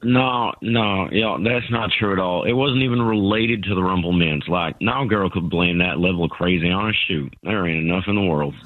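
A man's voice: low-pitched, moderate pace, few pauses, dry recording. A young man calling in by phone, blunt and exasperated as he tells his side of a date. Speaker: caller. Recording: muffled phone line.

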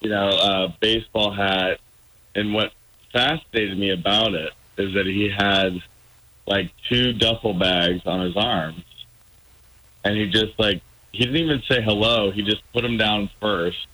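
A man's voice: on the low side, fairly even intonation, a little slow, pushed and bright, no echo, low-quality recording. A man calling into a radio show, telling a story in a rambling, hesitant way with many ums. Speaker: caller guest on a radio show. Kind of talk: casual storytelling on a phone-in.

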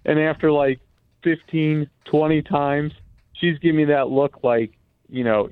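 A male caller on a tinny phone line, rambling through a long story with lots of restarts, at a middle pitch and with a dry sound. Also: fairly even intonation, a little slow, clean tone, dry recording. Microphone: telephone.

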